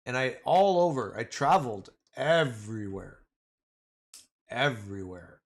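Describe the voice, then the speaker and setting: A man's voice: mid-range voice, expressive, unhurried. A man hosting a casual livestream, rambling and joking, often calling his viewers "man" and "boys". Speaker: livestream host.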